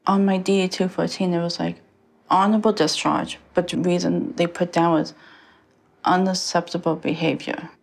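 A young woman telling her own story in a halting way, full of fillers and restarts. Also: lowish voice, little pitch movement, creaky. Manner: halting, many fillers and restarts, quotes others. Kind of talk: personal testimony.

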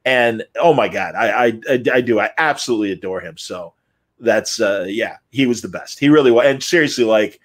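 A man's voice: fairly low pitch, expressive, brisk. A man hosting a live Q&A interview, telling anecdotes animatedly and acting out the people he quotes. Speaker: host.

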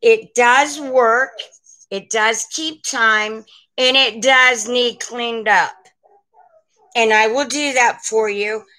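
Slow, bright-voiced woman chatting on a live stream from home. Her tone is sharp and fairly high, and she rambles warmly to her viewers as she shows off antiques. She takes her time over every word. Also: fairly even intonation, rough recording. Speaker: online vintage seller. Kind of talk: live-stream sales chat. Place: at home, indoors.

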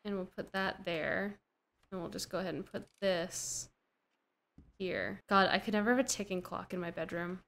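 A woman's voice: mid-range voice, normal speed, vocal fry, a bit bright. A young woman casually commenting on a building game as she plays, gushing and gasping with delight, talking to herself in slangy asides. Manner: slang-heavy, talks to herself while playing. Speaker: gaming streamer.

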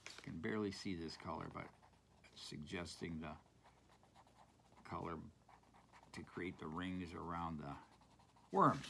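Man, gravelly low voice, art teacher, chatty, playful, talks while drawing. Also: measured pace, long pauses, fairly bright tone, slight background noise. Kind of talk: casual drawing tutorial.

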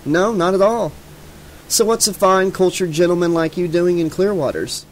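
A flustered, talkative woman a little tipsy at a bar, light and breezy, as a male narrator puts her on. Her voice sits just above his usual pitch. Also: normal speed, slight background noise, lightly acted.

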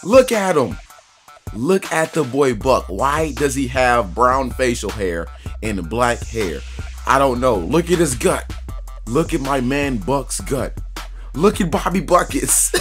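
Man, gaming YouTuber, casual gameplay commentary, slangy, excitable, mid-range voice, faint music behind. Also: mid-range voice, slow pace. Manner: slangy, loose and excitable, talking to viewers.

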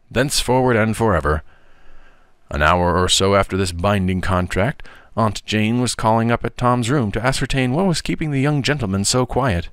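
A man narrating an audiobook of a children's story in an expressive storybook manner. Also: deep voice, no room sound.

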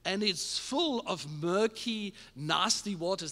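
A male pastor preaching a sermon to a live congregation, emphatic, asking the room questions and building to shouted climaxes. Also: high voice, lively intonation, unhurried. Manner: addresses the congregation directly with questions. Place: church service with a live congregation. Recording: long hall reverb in a church.

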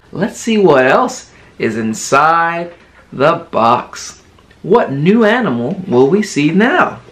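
A young man speaks to toddlers in a slow, patient voice, stretching every word out. His pitch leaps up and down as he models each new word. He sounds like a friendly early-learning teacher. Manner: slow, exaggerated, sing-song word modelling. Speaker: children's teacher.

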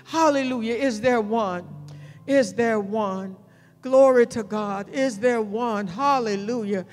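A woman pastor leading a fervent sermon and altar call, shouting prayers and pleading with the congregation. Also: a little high, slow, big-room sound, soft background music. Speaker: senior pastor.

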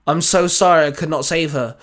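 A man playing a bold young firefighter hero from a storybook reading, calling out urgently in a raised, higher voice. brave and earnest, always pushing forward. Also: a little fast, close to an everyday voice.

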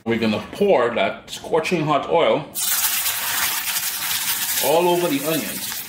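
A man's voice: on the high side, lively intonation, slow pace, roomy sound, noisy background. A man hosting a home cooking demonstration, chatty and folksy, talking straight to his viewers. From Trinidad and Tobago. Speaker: cooking show host. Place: home kitchen.

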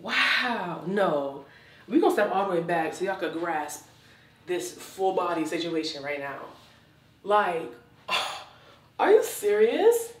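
A woman's voice: on the low side, measured pace, a bit bright. A young woman vlogging a swimsuit try-on haul in sassy, exuberant casual chat. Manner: sassy, exuberant, says "child" often. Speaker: fashion vlogger. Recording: roomy, from a distance.

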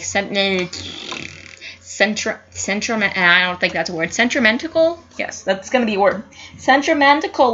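A young woman giving casual gameplay commentary, excitable, swearing and yelling at the screen. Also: medium pitch, muffled recording. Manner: excitable, yells at the screen, frequent cussing. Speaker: gaming youtuber.

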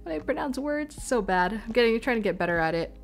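Expressive and quick-talking, a young woman with a slightly high voice and a Canadian accent chats casually during a live stream as she plays, thinking aloud and apologizing. Faint music runs behind her. She's at home on a desk mic, sometimes stepping back from it.

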